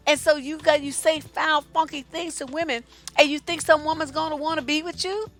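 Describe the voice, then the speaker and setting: A woman's voice: sits high, a little fast, faint music behind. A woman relationship coach, giving blunt, profane, sassy advice while answering viewer questions on a live stream. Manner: profane, sassy, animated storytelling.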